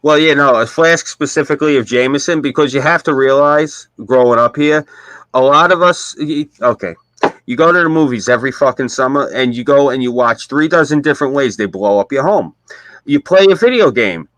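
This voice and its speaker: A man's voice: mid-range voice, brisk, a bit bright, no echo, rough recording. A man with a New York accent telling stories in a brash, profane way on a casual stream. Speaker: stream host. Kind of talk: casual chat.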